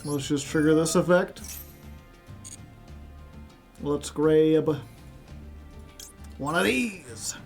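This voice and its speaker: High-voiced joking game streamer. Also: male voice, very slow, long pauses, darkish tone, soft background music. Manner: rambling, joking, spins silly stories. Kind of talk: casual game commentary.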